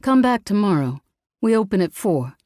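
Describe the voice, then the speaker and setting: A woman voicing a brash, blunt young woman who runs a shop, speaking loud and curt. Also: mid-range voice, big pitch swings, normal speed, dry recording, studio quality, voice pushed up, close to an everyday voice. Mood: impatient.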